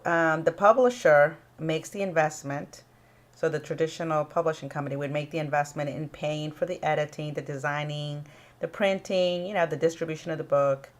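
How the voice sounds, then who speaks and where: A woman with a notably low-pitched voice talks casually to her viewers about publishing. She speaks as an author and small publisher, in an easygoing, unhurried way. She often stops to say um before she goes on. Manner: unhurried, with frequent ums and pauses. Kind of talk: casual informational talk to camera.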